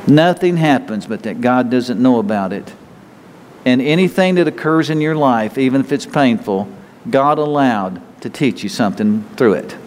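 A man's voice: mid-range voice, a little mellow, a little hiss or hum. A male pastor preaching a conversational sermon, with self-talk and quoted prayers, to a church congregation. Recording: long hall reverb.

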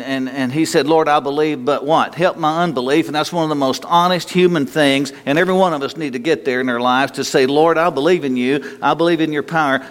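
A man preaching a sermon in a conversational, folksy way that rises into bursts of exhortation, recorded in a church sanctuary. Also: a little high. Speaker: pastor. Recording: long reverb of a church hall.

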